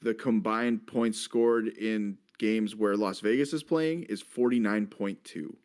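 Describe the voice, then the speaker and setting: A man's voice: lowish voice, slow pace, a little mellow. A man hosting a casual sports betting chat, leading the talk and reeling off statistics. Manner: leads the segment, reels off stats. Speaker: host.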